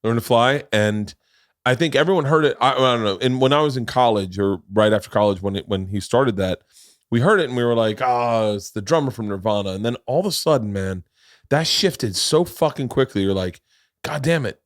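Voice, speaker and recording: A man's voice: mid-range voice, a little fast. A man in his forties hosting a podcast from his home studio, chatting casually in a rambling way and swearing freely. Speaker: podcast host. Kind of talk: casual chat.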